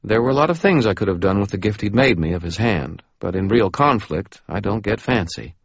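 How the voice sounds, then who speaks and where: A man narrating a first-person audiobook in a low, slightly husky voice with a dry, matter-of-fact delivery. The recording is close and dry, with a dull lo-fi sound. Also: animated, a little fast, no room sound.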